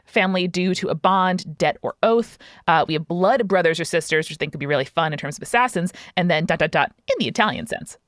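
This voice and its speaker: Woman, slightly low voice, lively pitch, talks through options, dry sound. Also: quick pace, few pauses, no room sound. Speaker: podcast player. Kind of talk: casual tabletop game chat.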